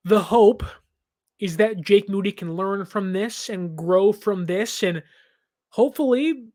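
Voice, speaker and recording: A man's voice: high voice, measured pace, dark tone. A man in his twenties hosting a sports reaction show, talking in an emphatic, impassioned way and laughing now and then. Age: 20s.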